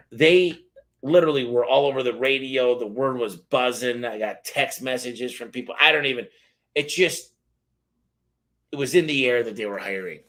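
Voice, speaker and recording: A man's voice: medium pitch, a bit bright. A man hosting a casual live question-and-answer stream, talking loosely and reading lists aloud.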